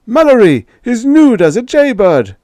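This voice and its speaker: A man reading an audiobook, voicing an excitable, blustering older male TV executive in a high, loud voice. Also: a little slow, dry recording. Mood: flustered. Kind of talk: audiobook character voice.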